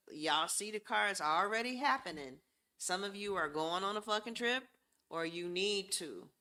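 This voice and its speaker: A woman giving a casual tarot reading, talking bluntly and profanely as she speaks straight to her viewers. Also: mid-range voice. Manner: addresses viewers directly and warmly. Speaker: tarot reader.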